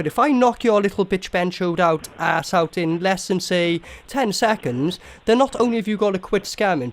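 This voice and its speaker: A man making a comedic prank phone call, talking in an exaggeratedly polite, mock-formal gentleman manner. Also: sits high, a little hiss or hum. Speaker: prank caller.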